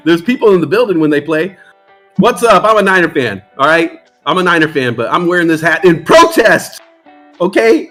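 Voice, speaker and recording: A man from New York hosts a casual stock trading livestream, joking around and reading chat comments aloud. His voice sits high and sounds a bit bright, and his manner is playful.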